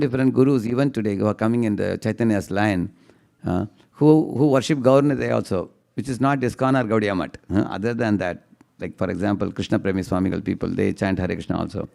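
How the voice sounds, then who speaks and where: Low gravelly man giving devotional talk. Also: dark tone. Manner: chants verses in a slow singsong; tags lines with questioning "huh?" to the audience. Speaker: speaker giving a devotional class. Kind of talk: devotional storytelling lecture.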